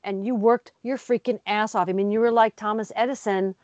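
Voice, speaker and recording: A woman co-hosting a casual talk show, telling stories with lively acted-out voices. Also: medium pitch, fairly quick, no room sound, muffled recording. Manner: lively storyteller, acts out voices. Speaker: co-host. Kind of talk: casual chat.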